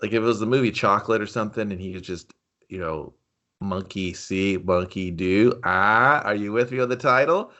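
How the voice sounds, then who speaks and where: A man's voice: on the low side, quick pace, sharp tone. A man co-hosting a movie review podcast, talking in a laid-back, dry and sarcastic way. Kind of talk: casual profane movie chat.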